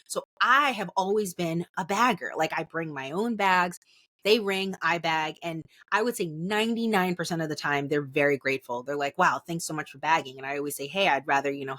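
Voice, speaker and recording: A woman in her thirties hosting a podcast, telling a story candidly and acting out the other voices with big jumps in pitch, swearing freely. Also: a bit bright, no room sound. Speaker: podcast host.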